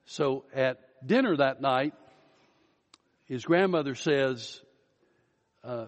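A pastor preaching an Easter sermon, telling a story and slowing down and rising for emphasis. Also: male voice, mid-range voice, animated. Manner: storytelling, slows down and rises for emphasis. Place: church sanctuary. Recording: dull audio with long hall reverb.

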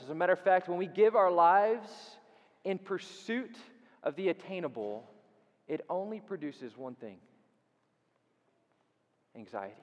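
A man with a high, bright speaking pitch delivers a sermon in a church, his voice trailing off in a long reverb. He swings between loud, rapid bursts and quiet, stretched-out words for emphasis. He repeats key phrases and checks in with his listeners. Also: lo-fi sound. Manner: dynamic preaching that swings from loud and quick to hushed, drawn-out emphasis; repeats phrases for emphasis and asks the audience questions. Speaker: pastor. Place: church sanctuary.

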